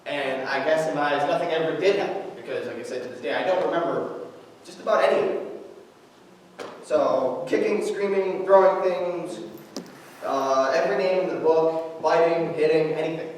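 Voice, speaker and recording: A young man telling his own story in a church service, halting, with many fillers and restarts. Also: a little high. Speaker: guest speaker sharing his story. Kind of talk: informal testimony in a church service. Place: large church sanctuary. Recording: echoey hall, distant mic, faint noise.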